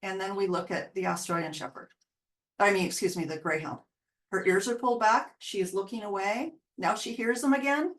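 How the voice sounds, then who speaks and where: A woman dog trainer talks through a series of clips in a relaxed, explanatory way. Her voice sits in the middle range, and she now and then slips into little quoted voices for the dogs. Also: medium pitch, fairly quick. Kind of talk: casual narrated video breakdown.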